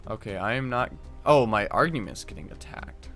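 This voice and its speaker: A man's voice: lowish voice, animated, normal speed, fairly bright tone, soft background music. A man live-streaming a card game, reading card text aloud and thinking through his moves, often stopping to correct himself. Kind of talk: live gameplay commentary.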